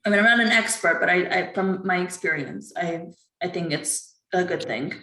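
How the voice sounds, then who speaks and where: A woman interviewer speaking gently and reassuringly over a video call. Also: fairly low pitch, moderate pace, roomy sound, rough recording. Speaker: interviewer, host. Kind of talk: supportive interview.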